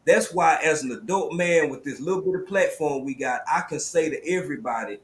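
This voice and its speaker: Southern male host, animated storytelling delivery, slightly high voice, roomy sound. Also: fairly quick, few pauses. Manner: animated, storytelling, drawling slang. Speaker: live stream host. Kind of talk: casual panel talk. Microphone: video call.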